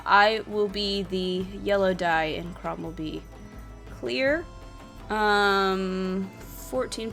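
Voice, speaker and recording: Brief: slow, hesitant woman narrator of a solo tabletop game, faint music behind. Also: mid-range voice, sharp tone. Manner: hesitant, many fillers, self-conscious. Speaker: solo adventure player and narrator. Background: faint background music.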